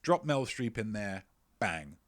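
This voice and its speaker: A man's voice: on the low side, sing-song, unhurried, no echo. A man hosting a live-streamed quiz, joking playfully and mocking himself as he rambles, often stumbling and repeating his phrases. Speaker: quiz host.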